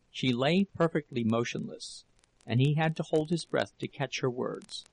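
A man narrating a novel in a slow, dramatic reading. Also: mid-range voice, gravelly, low-quality recording. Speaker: audiobook narrator. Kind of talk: scripted narration.

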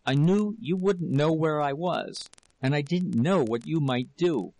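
A man's voice: a little high, lively intonation, measured pace, creaky, darkish tone. A man voicing a frightened young wife who sobs and pleads breathlessly in a read-aloud story.

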